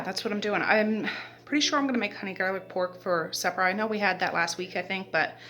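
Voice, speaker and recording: A woman's voice: medium pitch, a bit bright. A middle-aged woman from Nova Scotia chatting casually about her day at home, rambling through stories with plenty of fillers. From Nova Scotia, Canada. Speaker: vlogger, mother. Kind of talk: casual day-in-the-life chat. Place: at home, sitting in a rocking chair.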